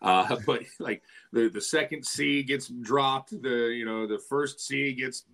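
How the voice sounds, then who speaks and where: A man's voice: medium pitch, slow pace, vocal fry, a bit bright. A man who works as a play-by-play announcer, talking as a podcast guest over a video call, telling stories with frequent laughs and restarts. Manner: chatty storyteller, laughs often, restarts phrases. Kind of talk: casual chat.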